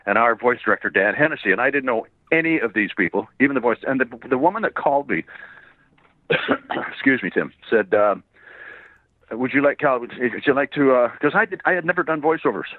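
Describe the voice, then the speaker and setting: A man from Canada, slightly hoarse, telling rambling stories as a guest voice actor, laughing often and acting out quoted voices. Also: medium pitch, lively intonation, a little fast, no room sound. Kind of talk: casual interview storytelling. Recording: tinny phone line.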